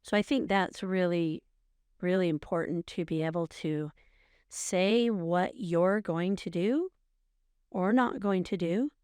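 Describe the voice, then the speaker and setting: A woman's voice: on the low side, slow, a little mellow, clear, resonant tone, no room sound, studio quality. Earnest middle-aged woman giving advice. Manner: earnest, coaching, repeats phrases for emphasis. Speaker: podcast co-host, mother. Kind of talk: casual advice chat.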